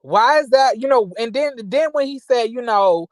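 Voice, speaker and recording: A man vlogging reality TV commentary in an animated, emphatic, profane rant with quick apologetic asides. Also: extremely high pitch, dry recording.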